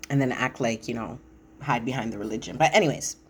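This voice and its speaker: A woman with a low voice talks through a reality TV episode in a loose, chatty recap. She is sassy and opinionated and leans on fillers as she goes. A faint hum of noise sits behind her. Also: fast. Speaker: reality TV review commentator. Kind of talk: casual recap commentary.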